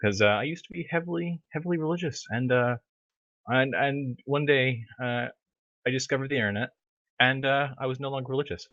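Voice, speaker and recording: A man's voice: mid-range voice, fairly quick, a bit bright, no room sound. A man co-hosting a podcast, rambling in casual banter with lots of restarts. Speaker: podcast co-host. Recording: dull lo-fi mic.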